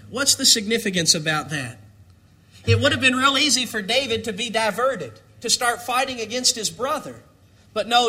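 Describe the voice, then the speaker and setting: A man's voice: very high-pitched, sharp tone. A man preaching a sermon, reading scripture with lift and emphasis and acting out the voices of its figures. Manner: bible reading in a lifted, emphatic voice.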